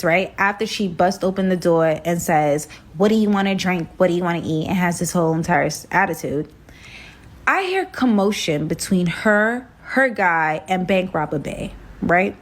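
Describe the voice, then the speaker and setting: A young woman, from Brooklyn, telling a personal story in an animated, slangy, emphatic way. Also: lowish voice. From Brooklyn, New York. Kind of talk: storytime vlog.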